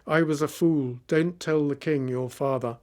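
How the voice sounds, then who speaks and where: A man reading the part of a foolish, slow-thinking servant in a storybook. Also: fairly high pitch, fairly even intonation, darkish tone, close to an everyday voice. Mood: pleading. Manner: slow, musing. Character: foolish, boastful male servant.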